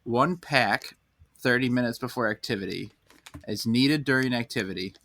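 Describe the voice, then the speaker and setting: A man's voice: medium pitch, moderate pace, a bit bright. A man hosting a casual podcast. He steers the talk and reads product packaging aloud. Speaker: podcast host. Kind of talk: casual podcast chat, reading labels.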